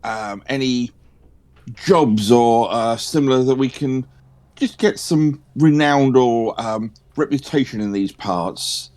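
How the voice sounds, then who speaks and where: A man's voice: mid-range voice, slow pace, a little mellow, lightly acted. A man playing a hesitant young male sword-for-hire who stumbles over his words.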